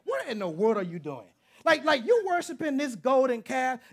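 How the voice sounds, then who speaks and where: A man's voice: extremely high pitch, huge pitch swings, moderate pace, a bit bright, heavily acted. A man doing an exasperated, scolding Moses. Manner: incredulous, scolding.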